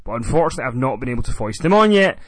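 A man's voice: medium pitch, big pitch swings, very fast, dry recording. A man hosting a comedic podcast, teasing his co-host in a dry, exasperated way.

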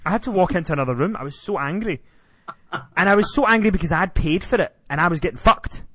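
Animated swearing man telling a story. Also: high voice, quick pace, no room sound. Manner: animated, profane, comic exasperation. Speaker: podcast host. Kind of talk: storytelling rant.

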